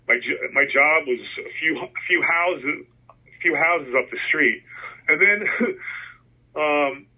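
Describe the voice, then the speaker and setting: Middle-aged Jersey man, husky and a bit high, rambling storyteller, phone-line sound. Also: slow pace. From New Jersey, USA. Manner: rambling, many restarts, animated when quoting himself. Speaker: guest, concert photographer. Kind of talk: casual storytelling interview.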